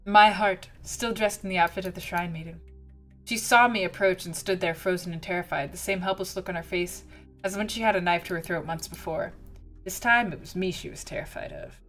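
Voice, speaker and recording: A woman reading a guilt-ridden detective's narration from a story game, in a low, even way. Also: fairly quick, faint music behind, natural voice. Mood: remorseful.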